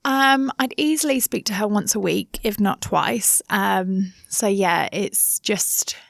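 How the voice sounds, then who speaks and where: A woman's voice: medium pitch, takes it slowly, gravelly, no room sound, studio quality. A woman in her thirties with a Somerset English accent, chatting casually as an interview guest, with many fillers and asides. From England.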